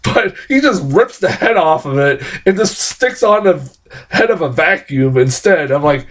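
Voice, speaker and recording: A man's voice: fairly high pitch, animated, unhurried, fairly bright tone. A man reviewing a film in a casual, profane, exasperated rant. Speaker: movie reviewer.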